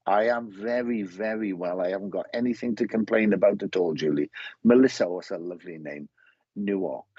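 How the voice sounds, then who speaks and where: A man's voice: on the low side, a little mellow, husky, no echo, highs cut off. A middle-aged Welsh man with a Welsh accent, chatting as a medium, greeting viewers by name and relaying messages. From Wales. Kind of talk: live-stream greetings and mediumship reading.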